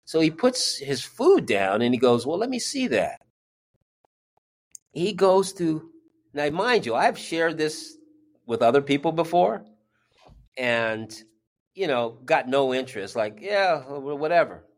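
A man's voice: on the high side, big pitch swings, a little slow. A man, a drummer and music teacher, telling a story as an interview guest and acting out the voices he quotes.

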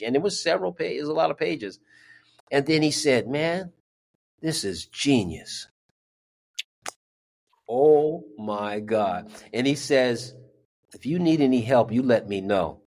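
A man's voice: medium pitch, expressive, measured pace, creaky, a little mellow. A man, a drummer and music teacher, telling a story as an interview guest and acting out the voices he quotes.

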